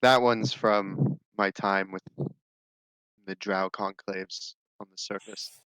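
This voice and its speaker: A man playing his character in a tabletop role-play game, explaining things in a measured, scholarly way. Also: lowish voice, steady tone, fairly bright tone, clear, resonant tone, dry recording, rough recording.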